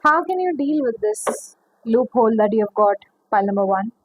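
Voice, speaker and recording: A woman's voice: fairly high pitch, lively intonation, normal speed, no echo, low-quality recording. A woman giving a pick-a-card tarot reading, chatty and rambling, calling the viewer honey. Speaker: tarot reader.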